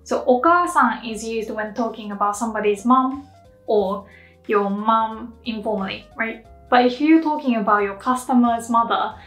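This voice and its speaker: A Japanese woman explaining polite speech in a lesson, repeating phrases slowly and carefully. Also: on the high side, a bit bright. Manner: slow, careful modeling of phrases. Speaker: Japanese teacher. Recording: echoey room with faint music.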